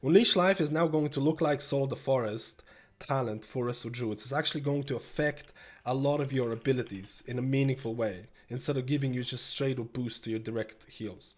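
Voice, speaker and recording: A young man with a slightly stuffy nose, giving casual gameplay commentary that jumps from steady explaining to excited bursts. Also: medium pitch, fairly quick. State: slightly stuffy, a little sick. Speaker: gameplay streamer.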